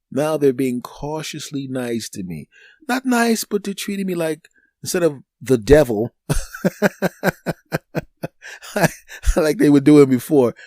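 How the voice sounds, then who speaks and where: A man's voice: on the high side, no room sound, studio quality. A man hosting his own podcast, telling a funny personal story and acting out the other people in it. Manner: animated, acts out other people's voices in the story. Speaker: comedian and podcast host. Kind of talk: storytelling comedy monologue.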